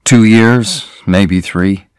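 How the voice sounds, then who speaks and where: Sam, a soft-spoken young man, read by a man. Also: very slow, clean tone, no echo, studio quality. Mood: reasoning. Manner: soft and calm, slightly lowered. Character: young man, gentle and reasonable.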